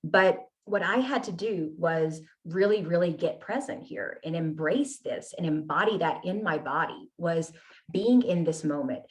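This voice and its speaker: Earnest woman sharing her story, low-pitched. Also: unhurried. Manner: earnest, tag questions like "right?" and "you know?". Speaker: podcast guest. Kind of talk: candid conversational storytelling.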